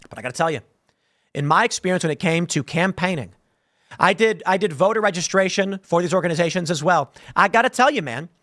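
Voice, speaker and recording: A man's voice: sits high, animated, fast talker, a bit bright, no room sound, studio quality. Guy ranting on a politics show, blunt and mocking, voice jumps all over. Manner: sarcastic, mocks canvassers with impressions; blunt and conversational. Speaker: political commentary show host. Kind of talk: animated political commentary.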